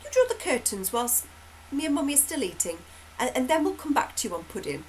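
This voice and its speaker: A woman putting on her husband's voice as a gentle dad talking sweetly to a small child, in a high sing-song tone. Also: sing-song, fairly quick, slight background noise, low-quality recording. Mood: coaxing. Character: soft-spoken dad coaxing a toddler.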